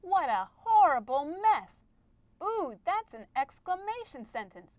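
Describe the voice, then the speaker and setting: A woman's voice: high-pitched, big pitch swings, unhurried, noisy background. A woman voicing a bubbly, eager exclamation-mark character in a children's educational puppet skit, talking cheerfully. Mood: excited. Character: bubbly excited exclamation-mark pal, a girl.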